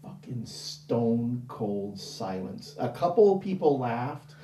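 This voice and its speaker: A man spins a casual story as a guest, slipping into different voices whenever he quotes someone. His tone is mellow and warm, and he rambles through restarts and fillers. He sounds roomy, picked up from a distant mic. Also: mid-range voice, slow, a little hiss or hum. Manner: animated, acts out dialogue in quoted voices. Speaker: interview guest.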